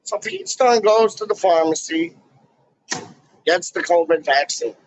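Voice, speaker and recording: A man ranting casually to camera in a vlog, full of slang and loud asides. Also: sits high, animated, unhurried, low-quality recording. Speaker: YouTuber. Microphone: camera mic.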